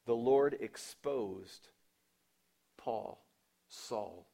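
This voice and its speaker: A man preaching a sermon, asking his listeners questions and acting out quoted lines, with wide swings from loud emphatic lines to low quiet asides. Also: very slow, vocal fry. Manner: asks the congregation questions and acts out quoted lines. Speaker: pastor.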